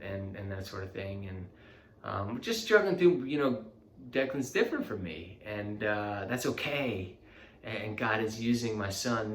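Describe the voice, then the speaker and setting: A man in his thirties, a host talking about parenting in a confessional vlog, animated and self-mocking, acting out what others say. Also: fairly low pitch, roomy sound. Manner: animated, self-mocking, acts out quoted voices. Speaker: vlogger.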